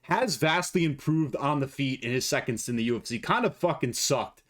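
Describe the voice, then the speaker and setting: A man's voice: medium pitch, lively intonation, a little fast, a bit bright. A man giving casual fight predictions as an MMA analyst, blunt and joking with plenty of swearing.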